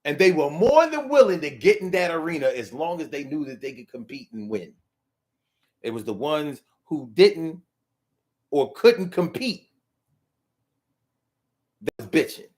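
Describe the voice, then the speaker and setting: A middle-aged man runs a relaxed live talk show, chatting with viewers and reading their comments. His voice sits a little higher than most men's, and he talks in an animated, playful way, dropping into a low drawl and then jumping into loud bursts. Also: moderate pace. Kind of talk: casual livestream chat reading comments.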